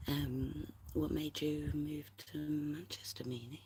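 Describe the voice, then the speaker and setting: A livestream host chatting casually with viewers in a soft, half-whispered voice and laughing often. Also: mid-range voice, level tone, slow, pauses often, slight background noise. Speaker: livestream host reading chat.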